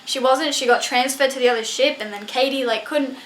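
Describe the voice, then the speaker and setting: A young woman reviewing a book in a casual vlog, excitable and gushing, full of "like" and swearing. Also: high voice, brisk, a little hiss or hum. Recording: echoey room.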